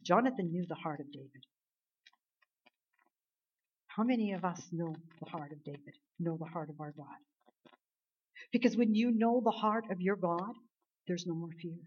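A woman with a low, husky voice preaching a sermon. She retells the scripture in an earnest, emphatic way and presses her listeners with rhetorical questions. The recording sounds dull and lo-fi. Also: expressive, normal speed, long pauses. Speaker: Bible teacher.

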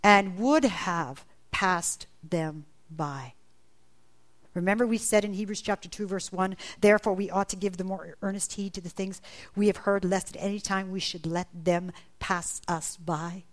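A woman preaching a sermon, animated, acting out the voices in the Bible story she retells. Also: fairly quick. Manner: animated, acts out voices in quotes with big pitch jumps.

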